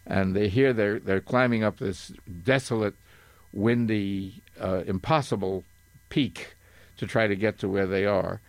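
Give me an older man with a low voice, chatting in a halting, chuckling way. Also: no echo. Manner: halting, self-correcting, chuckles often. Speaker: guest reading from a book. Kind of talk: reading aloud and casual chat.

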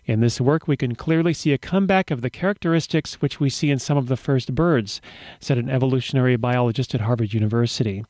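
A man's voice: mid-range voice, quick pace, a little mellow, dry recording. A man hosting a radio show, talking in a wry, rambling way with dry humor. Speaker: radio host. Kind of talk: casual radio chat.

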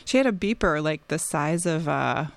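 A woman's voice: sits low, moderate pace, gravelly, no room sound. A woman author from the United States, a guest in a radio studio, telling stories with enthusiasm. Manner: enthusiastic, animated storyteller. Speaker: author guest and occasional guest host. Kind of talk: casual radio interview.

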